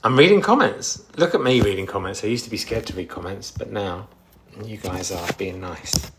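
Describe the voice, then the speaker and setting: A man's voice: deep voice, normal speed, noisy background. An English man chatting casually on a livestream, reading the comments and rambling with a self-deprecating humor. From England.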